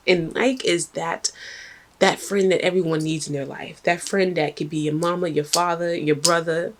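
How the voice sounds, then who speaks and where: A woman telling a personal story to her viewers in a chatty, animated way, talking straight to the audience. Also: on the low side, moderate pace, a little hiss or hum. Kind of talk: casual storytime vlog.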